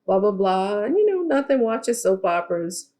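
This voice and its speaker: A sassy young woman gives a casual, animated recap of a TV episode. She calls her listeners "child" and "y'all". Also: medium pitch, moderate pace. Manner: sassy, animated storytelling with playful quoted voices. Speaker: TV recap vlogger.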